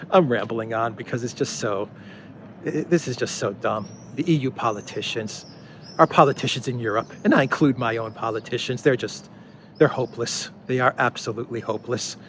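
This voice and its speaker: A man's voice: medium pitch, normal speed. A man talking about the news in a casual, sarcastic monologue while he walks outdoors, full of restarts and asides. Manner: sarcastic, rambling with many restarts. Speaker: political commentator. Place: outdoors in a town while walking. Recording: outdoor street noise.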